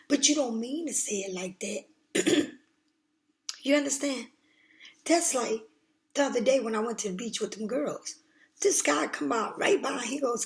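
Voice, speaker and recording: Gravelly blunt-talking woman tarot reader. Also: fairly high pitch, animated, normal speed. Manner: blunt, streetwise, emphatic with swearing. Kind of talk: casual tarot reading.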